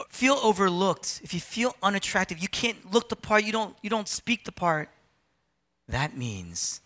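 A man preaching a sermon to a congregation, animated, swinging between loud emphatic lines and low, quiet asides. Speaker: pastor.

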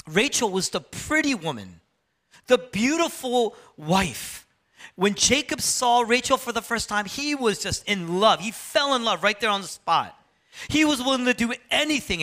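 A man preaching to his congregation in an animated way, jumping from loud emphatic lines to low, quiet asides. His voice sits a little high for a man and rides a lively, wide pitch range. The tone is bright and forward. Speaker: pastor. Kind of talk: sermon.

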